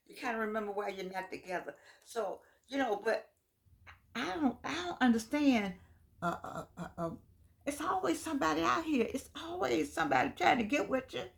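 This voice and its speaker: A woman's voice: fairly high pitch, lively intonation, brisk, creaky. An older woman with a Southern US accent, talking casually to camera in a folksy, rambling way. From United States. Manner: chatty, folksy, digressing, with laughs. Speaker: vlogger.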